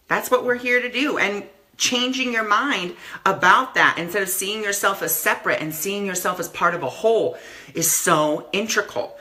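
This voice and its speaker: A man's voice: high voice, pushed and bright. A man giving a casual live-stream talk as a spiritual teacher, earnest and repeating affirmations, with many "you know" fillers.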